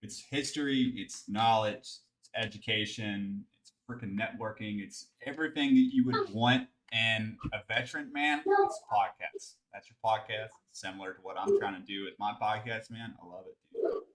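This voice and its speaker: A man hosting a podcast, talking casually with a guest and thanking him with relaxed, friendly backchannel remarks. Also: on the low side, normal speed, a little hiss or hum. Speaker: podcast host, veteran. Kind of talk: casual interview.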